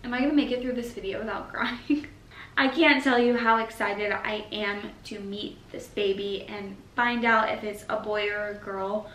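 A woman's voice: mid-range voice, fairly even intonation, normal speed, fairly bright tone. Chatty young pregnant woman vlogging. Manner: chatty and emotional, says y'all. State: pregnant, winded and uncomfortable. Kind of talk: casual pregnancy update vlog. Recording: echoey room with faint noise.

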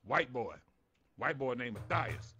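A man's voice: mid-range voice, animated, a little slow, husky. A man roleplaying a brash gang leader in a crime game, boastful and stammering. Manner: boastful, stammering restarts, loud bursts. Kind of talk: in-character game roleplay chat.

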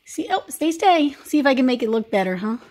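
A woman's voice: high voice, big pitch swings, brisk, a little mellow. A woman, filming a casual vlog as a pet sitter and talking to dogs in sing-song baby talk.

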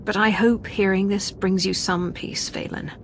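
Apologetic heroine, played by a woman, soft-spoken, sincere, mid-pitched. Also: steady tone, normal speed, a little hiss or hum, natural voice. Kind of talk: video game dialogue.

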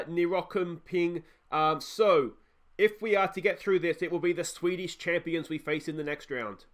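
An Australian man hosts a football management game playthrough, commentating like a fan in the stands. His voice sits a little higher than most men's. He groans at missed chances and breaks into excited shouts at the big moments. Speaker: gaming video host.

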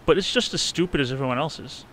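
A man co-hosting a game livestream, wry and quick to laugh. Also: on the high side, a bit bright, slight background noise. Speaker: livestream co-host and player. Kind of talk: casual gaming chat.

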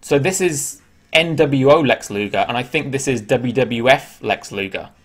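A man's voice: mid-range voice, moderate pace. A man hosting a live stream, chatting casually and joking about each card as he opens it.

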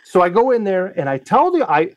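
A man from the United States tells a story on a podcast, his slightly high voice swinging widely up and down as he acts out his own lines. He swears freely and keeps the tale rolling. The sound is dry and close. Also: fairly quick, dry recording. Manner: profane, animated, acts out his own quotes. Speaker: guest, Navy veteran.

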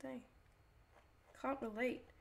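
A woman's voice: high-pitched, fairly even intonation, slow, creaky, slight background noise. A woman live streamer chatting casually and playfully, reading her chat aloud and answering it.

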